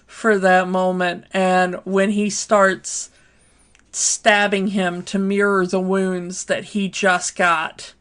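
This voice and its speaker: Slow-talking woman on a podcast. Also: mid-range voice, flat delivery, fairly bright tone. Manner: unhurried, many fillers like um and you know. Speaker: podcast co-host. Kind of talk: casual chat.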